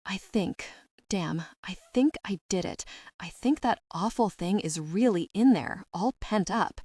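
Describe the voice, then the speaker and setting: A woman's voice: medium pitch, expressive, a little slow, mellow, husky, no room sound, clean studio sound. Woman voicing Lark, a sweet young witch. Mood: shaken. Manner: reluctant, shaken, chanting incantations.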